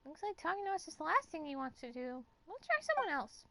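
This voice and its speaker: A woman's voice: very high voice, very animated, fast talker, gravelly, background noise, exaggerated voice. A woman voicing a tiny, proud female fairy companion in a video game who talks about herself in the third person. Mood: puzzled. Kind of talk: game voice acting. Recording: game audio with loud music behind. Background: game music.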